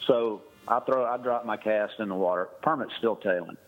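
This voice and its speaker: A man's voice: mid-range voice, a little fast, few pauses, soft background music, rough recording. A man casually telling a long fishing anecdote on a podcast, laughing as he rambles. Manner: rambling, laughing storyteller with restarts. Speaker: guest storyteller.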